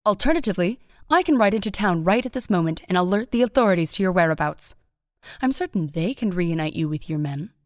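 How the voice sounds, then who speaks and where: A woman's voice: on the low side, expressive, quick pace, no room sound, clean studio sound, lightly acted. A woman voicing a proud, guarded woodland witch, curt and commanding, in an audiobook. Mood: stern. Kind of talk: audiobook narration.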